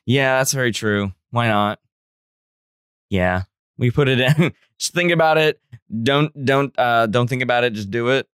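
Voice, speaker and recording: A man's voice: mid-range voice, unhurried, fairly bright tone, smooth, no room sound, clean studio sound. A man in his thirties hosting a casual podcast, talking hesitantly with restarts. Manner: hesitant, many restarts and fillers. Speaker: podcast host, teacher.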